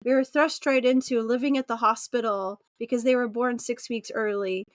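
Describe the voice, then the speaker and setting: A woman from Utah talks through a podcast interview in a high, light voice. She is chatty and laughs often. The sound is dry, with no room around her. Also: steady tone, normal speed, no echo. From Utah, USA. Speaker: podcast guest. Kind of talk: casual interview conversation.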